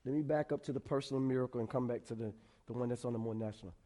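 A male preacher giving a conversational sermon with animated storytelling. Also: mid-range voice, very fast, big-room sound.

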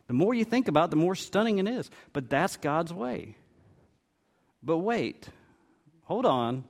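A middle-aged pastor with a high, sing-song voice preaches a sermon at a measured pace. He tells a parable expressively, briefly taking on the voices of its characters.

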